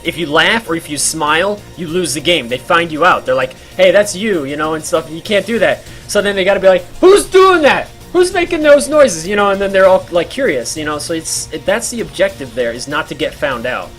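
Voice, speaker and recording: A man's voice: fairly high pitch, brisk, hardly any pauses, pushed and bright, soft background music. A man streaming a game while telling a rambling story, full of fillers and laughs.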